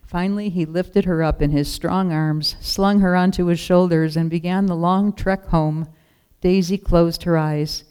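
Smooth-voiced storybook narrator. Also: medium pitch, steady tone, unhurried, darkish tone. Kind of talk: storybook reading.

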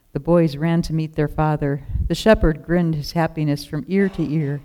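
A narrator reading a children's storybook aloud in a steady, expressive way. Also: medium pitch, normal speed, hardly any pauses.

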